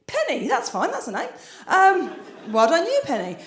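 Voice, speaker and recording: Woman stand-up, high voice, chatty with restarts, echoey stage sound. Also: wildly swooping pitch, moderate pace, a little hiss or hum. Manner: chatty, self-deprecating, with filler restarts. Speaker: stand-up comedian. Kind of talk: stand-up comedy set. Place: theatre stage before an audience.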